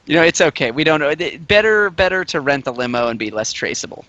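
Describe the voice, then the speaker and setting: A man's voice: fairly high pitch, expressive, fast talker, sharp tone, dry recording, muffled recording. Eager chatty man playing a tabletop game. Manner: eager, chatty, talks in character plans. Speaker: player. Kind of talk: casual tabletop game play.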